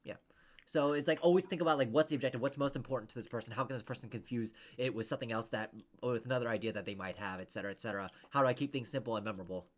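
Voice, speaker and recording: A man's voice: medium pitch, very fast. A man coaching over a video call, rambling casually with many restarts and fillers. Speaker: interview coach.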